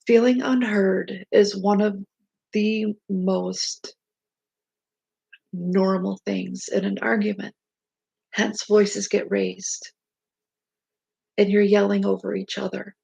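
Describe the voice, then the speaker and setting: Gravelly flat-voiced woman life coach, talking from bed into her laptop, kinda worn out. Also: mid-range voice, slow, pauses often, no room sound, highs cut off. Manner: steady, instructive, reading from notes. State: unwell, low energy. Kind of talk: casual self-help talk. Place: bed at home. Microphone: laptop mic.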